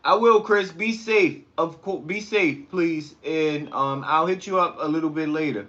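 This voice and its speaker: A man hosting a casual livestream, chatting with viewers and telling stories in a slangy, animated way. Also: on the high side, unhurried, muffled recording. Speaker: livestream host. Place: home kitchen.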